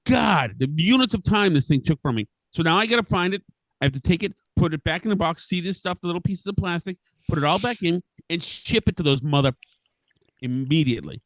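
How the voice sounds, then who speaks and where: In a furious, sweary monologue, a middle-aged podcast host keeps sputtering and starting over. His slightly high voice runs a little fast with lively intonation, recorded without any echo.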